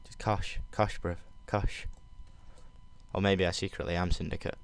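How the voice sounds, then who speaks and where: A young man with a Northern English accent giving sweary, excitable commentary over his own gameplay, slipping into London slang. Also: sits low, unhurried, very noisy. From Northern England. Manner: sweary, excitable outbursts between mumbled asides. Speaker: gaming video creator.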